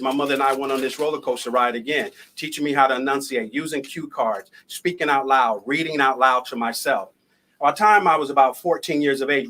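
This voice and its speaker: Speaking live on a video call, a medium-pitched man recounts a personal story as a motivational speaker, keeping his tone conversational and lively.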